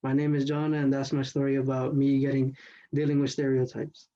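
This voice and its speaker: A teenage boy speaks in a level, mellow voice that rarely rises or falls. He retells a classmate's story in the first person, loosely and with many fillers, over dull, muffled lo-fi audio. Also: mid-range voice, monotone, fairly quick. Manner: loose, full of "like" and "you know". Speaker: student storyteller.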